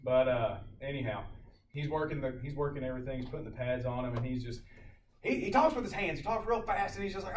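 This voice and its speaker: A man teaching a paramedic class, telling a lively story and then lecturing, recorded from across the room. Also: mid-range voice, quick pace. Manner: animated storyteller, acts out loud shouted quotes. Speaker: paramedic instructor. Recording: echoey classroom from a distant mic, faint room noise.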